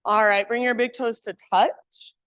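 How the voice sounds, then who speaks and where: A woman teacher guiding a live yoga class with calm, encouraging cues. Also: on the high side, measured pace, dry recording.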